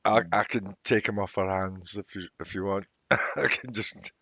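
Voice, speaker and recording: A man playing in a tabletop game, easygoing and quick to laugh. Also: on the low side, creaky, sharp tone, dry recording. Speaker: player. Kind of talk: casual tabletop play. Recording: dry, dull lo-fi sound.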